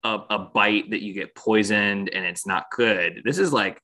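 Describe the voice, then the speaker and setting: A man's voice: fairly low pitch, measured pace, pushed and bright. A man co-hosting a casual discussion of a cartoon series, thinking aloud and laughing often. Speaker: podcast co-host.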